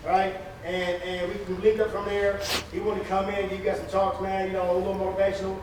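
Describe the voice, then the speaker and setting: Man, high flat voice, casual halting intro, distant mic in a very echoey noisy room.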